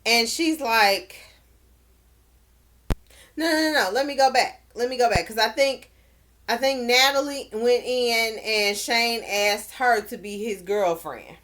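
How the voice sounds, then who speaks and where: A woman's voice: a little high, slow, a bit bright. A woman recapping a dating show in a casual vlog, blunt and exclaiming, with slangy asides. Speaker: show reviewer.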